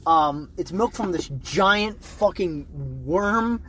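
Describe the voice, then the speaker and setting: A man's voice: high-pitched, takes it slowly, a bit bright. A young man co-hosting a podcast in casual chat, laid-back and crude, laughing and saying "dude" a lot. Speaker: podcast co-host.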